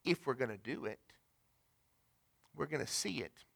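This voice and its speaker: A man preaching a sermon in a conversational way, swinging from loud emphasis to hushed asides and talking directly to the congregation. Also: medium pitch, lively intonation, normal speed, vocal fry, husky. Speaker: pastor.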